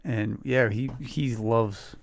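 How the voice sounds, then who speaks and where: A man co-hosting a podcast in casual chat, laid-back and slightly hoarse, swearing casually and laughing often. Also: medium pitch, fairly even intonation, slow pace. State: slightly hoarse, losing his voice. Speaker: podcast co-host.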